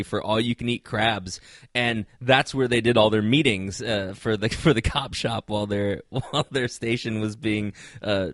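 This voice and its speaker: A man with a lowish voice co-hosts a casual podcast, recorded in clean studio sound with no echo. He tells a long, funny story animatedly, laughing all the way through and yelling the quoted lines.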